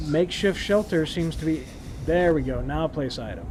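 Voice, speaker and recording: A man's voice: fairly high pitch, lively intonation, moderate pace, background noise. A man streaming a survival game, chatting casually with laughing asides. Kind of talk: casual gameplay commentary.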